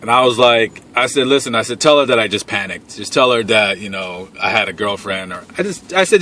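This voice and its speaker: A man's voice: on the low side, lively intonation, a little fast, hardly any pauses, bright, forceful tone, slight background noise. A young man telling a crude personal story straight to camera, blunt and full of swearing. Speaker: vlogger. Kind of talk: casual storytime.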